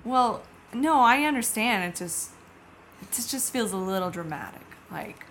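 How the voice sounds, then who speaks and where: A woman's voice: a little high, animated, normal speed, a bit bright, a little hiss or hum. A young woman improvising a guarded, blunt young witch on an awkward date, in a dry, wary manner. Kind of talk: improvised comedy scene.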